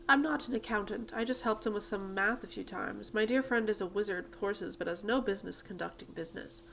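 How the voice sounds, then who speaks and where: A woman's voice: medium pitch, fairly quick, vocal fry, a little hiss or hum, rough recording. Woman putting on a British-accented kindly lady. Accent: put-on British. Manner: gentle and chatty. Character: kindly chatty woman accountant. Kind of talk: reading game dialogue aloud.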